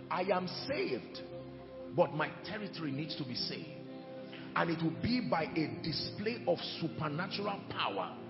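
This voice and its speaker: A man preaching a sermon with emphatic delivery, moving between shouted lines and hushed ones. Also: high-pitched, highs cut off. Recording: echoey hall with music behind.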